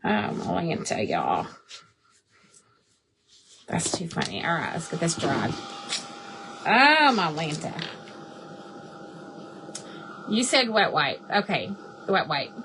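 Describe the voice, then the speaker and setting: A woman's voice: sits low, sing-song, takes it slowly, long pauses, fairly bright tone, a little hiss or hum. A woman hosting a craft livestream, chatting casually, laughing often and answering viewers by name. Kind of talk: casual live chat while crafting.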